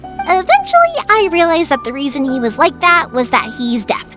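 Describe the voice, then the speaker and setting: A woman voicing a lively young fireworks maker and caring daughter in a video game dub, energetic and patient. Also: sits high, moderate pace, over loud music. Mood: warm. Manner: bright and energetic, patient with her father.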